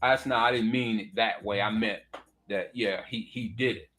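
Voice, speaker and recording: A man putting on a mocking impression of an evasive, sheepish male politician. He speaks in a slow, low mumble and keeps backpedaling. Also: fairly bright tone, a little hiss or hum, close to an everyday voice.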